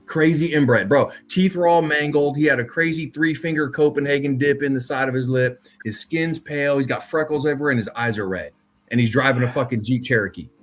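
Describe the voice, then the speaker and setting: Profane, animated storytelling man. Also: medium pitch, fairly quick, faint music behind. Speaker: podcast co-host. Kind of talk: casual chat.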